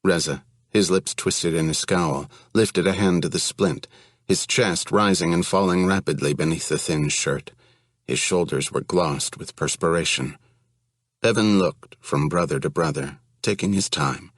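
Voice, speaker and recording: A man reading an audiobook in a steady, even storytelling manner. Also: low voice, unhurried, no room sound, studio quality. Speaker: audiobook narrator. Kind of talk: audiobook narration.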